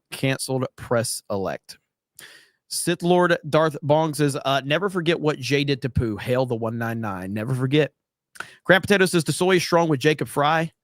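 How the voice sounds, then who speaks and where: A man's voice: medium pitch, clear, resonant tone, no echo, clean studio sound. A man hosting a casual livestream, reading viewer comments aloud with jokes and frequent fillers. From USA. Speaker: livestream host reading chat.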